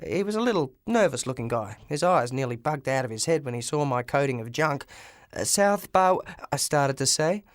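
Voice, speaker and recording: A man narrating a first-person audiobook with lively storytelling and shouted dialogue. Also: medium pitch, fairly quick, hardly any pauses, no echo, clean studio sound.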